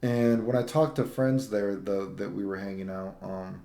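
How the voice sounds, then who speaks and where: A man with a lowish, mellow voice rambles through a casual travel vlog, heating up and swearing when he retells his run-ins. The sound bounces in an echoey room. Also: little pitch movement, moderate pace, creaky. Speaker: vlogger.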